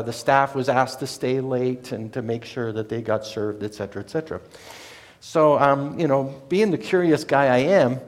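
A man's voice: medium pitch, darkish tone. A man telling a personal story in a rambling, digressive way that is full of self-corrections. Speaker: speaker recounting a personal story. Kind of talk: casual spoken storytelling.

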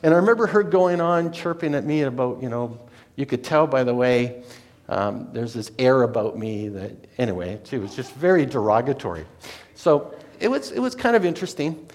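A man's voice: medium pitch, expressive, moderate pace, a little mellow. A man telling a personal story in a rambling, digressive way that is full of self-corrections. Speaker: speaker recounting a personal story. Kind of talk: casual spoken storytelling.

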